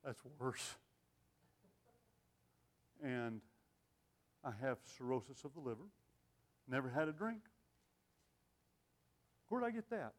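An older man preaching a sermon with an animated, self-deprecating sense of humor, often laughing at himself. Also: medium pitch, slow pace, pauses often. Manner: lively, animated delivery.

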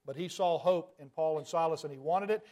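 High-voiced preacher man arguing a point. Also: a little fast, dark tone. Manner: argumentative, rhetorical questions, bursts of emphasis. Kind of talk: sermon.

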